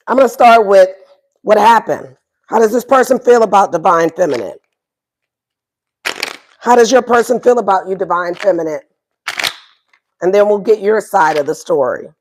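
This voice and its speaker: A woman doing a casual livestream tarot reading, playful and profane, repeating her questions to the viewers. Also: fairly high pitch. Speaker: tarot reader.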